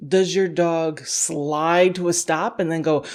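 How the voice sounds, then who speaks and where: A woman teaching scent work to dog handlers in a relaxed, conversational podcast. She thinks aloud with plenty of "you know" and "like", laughing often. Now and then she slips into playful voices for a dog's thoughts. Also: low-pitched, a little slow, few pauses. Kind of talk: casual instructional podcast talk.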